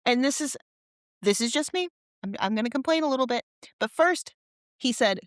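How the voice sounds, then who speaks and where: A woman co-hosting a podcast, chatting casually, excitable and rambling, laughing often. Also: a little high, normal speed, no room sound, clean studio sound. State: tired. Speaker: podcast co-host. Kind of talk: casual chat.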